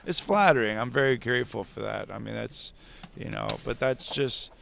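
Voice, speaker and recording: A man telling a story in casual, animated talk, swearing freely and acting out what others said. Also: medium pitch, moderate pace, gravelly, a little hiss or hum. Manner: animated, profane, laughs often, acts out others' lines. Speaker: wrestling veteran guest.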